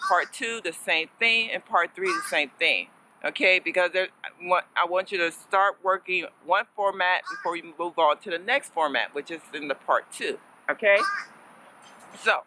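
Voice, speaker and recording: Casual woman learner-teacher, bright tone, talky and playful, sprinkles in Spanish words. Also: lowish voice, a little hiss or hum, low-quality recording. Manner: chatty and playful, laughs often, mixes in Spanish words. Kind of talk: casual vlog lesson.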